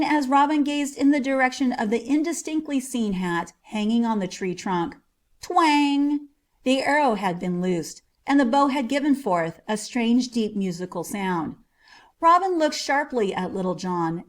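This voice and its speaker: A woman narrating a storybook in a gentle, measured way. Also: fairly high pitch. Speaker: audiobook narrator.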